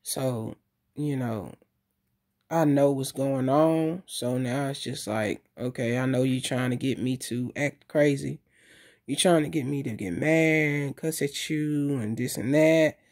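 A woman's voice: extremely low pitch, a little mellow. A woman vlogger talking casually to her camera in loose street slang, swearing often and repeating phrases for emphasis. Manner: repeats herself and pauses with fillers. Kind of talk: casual video monologue.

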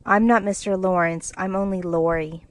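A woman voicing a polite, bashful teenage boy from a classic storybook, good-natured and friendly. the voice stays in a middle pitch, close to the reader's own. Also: fairly even intonation, moderate pace, close to an everyday voice.

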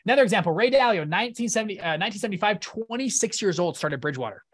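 An enthusiastic man speaks to a live seminar audience in a slightly raised voice. He is conversational and excitable, and he keeps checking in with his listeners as he goes. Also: sits high, racing. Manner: energetic, enthusiastic, keeps checking in with "right?" and "okay?". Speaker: fund-launch presenter at a live event.

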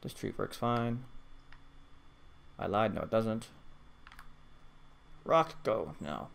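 Excitable, foul-mouthed male gamer. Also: slow, creaky. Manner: swears constantly, swings from low muttering to loud excited outbursts. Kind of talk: live gameplay commentary.

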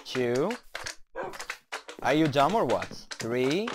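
A young man doing let's play commentary, excitable, talking to the creatures in his game and cursing now and then. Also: medium pitch, extremely slow, background noise. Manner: excitable, talks to the game's creatures, curses.

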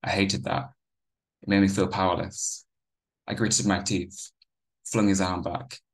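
A man reading his own novel aloud in a measured first-person narration. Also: deep voice, little pitch movement.

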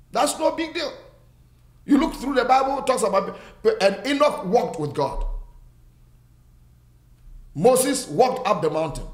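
A man's voice: very high voice, very animated, measured pace, long pauses. A man preaching a sermon, emphatic and repetitive, speaking straight to his listeners and urging them to repeat after him. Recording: roomy echo.

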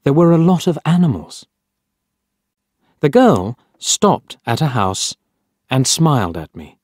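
A man reading a simple story aloud as narrator, clear and deliberate. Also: medium pitch, sing-song, darkish tone, no echo, clean studio sound. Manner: clear, deliberate graded-reader delivery.

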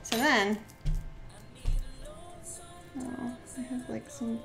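A woman's voice: a little high, flat delivery, drawn-out words, creaky, over music. A woman chatting casually while demonstrating a craft on a live stream, giggly and full of "like" fillers.

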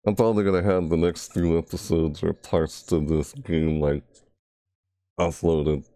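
A man's voice: deep voice, fairly even intonation, measured pace, warm tone, no room sound, studio quality. A man giving live horror game commentary through a VR headset, jumpy and frustrated, often breaking into panicked yelps and shrieks. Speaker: gameplay commentator.

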